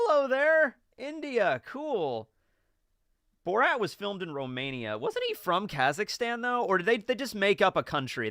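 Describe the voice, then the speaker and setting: A man's voice: a little high, bright, forceful tone, no echo, clean studio sound. Chatty American man on a livestream. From United States. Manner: rambling, chatty, jokey. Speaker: livestream host reading chat. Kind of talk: casual livestream chat.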